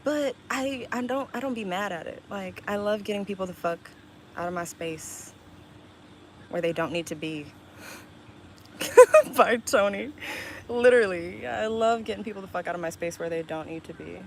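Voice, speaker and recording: A woman's voice: mid-range voice, gravelly, a little hiss or hum, rough recording. Blunt, foul-mouthed young woman streamer. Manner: blunt and profane, reading chat aloud and snapping back; quick laughs and sudden loud outbursts. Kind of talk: casual live-stream chat with viewers.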